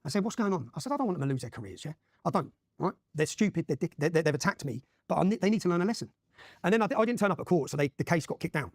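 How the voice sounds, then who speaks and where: Man, very fast talker, emphatic storytelling, voice a touch high, dry close sound. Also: lively intonation, no room sound. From Luton, England. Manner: rapid, emphatic, keeps checking with "yeah?". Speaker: interview guest. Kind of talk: animated personal storytelling.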